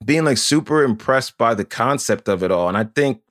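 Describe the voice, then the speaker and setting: A man co-hosting a podcast in casual chat, animated and profane, acting out quotes in put-on voices. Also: medium pitch, moderate pace, dry recording, clean studio sound. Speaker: podcast co-host.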